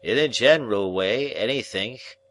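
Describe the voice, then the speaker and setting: A man voicing a sniffling, slow-talking hired go-between with a stuffy head-cold voice and clipped, dropped consonants, in an audiobook. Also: lowish voice, lively intonation, a bit bright, a little hiss or hum. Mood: wheedling. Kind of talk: audiobook character reading.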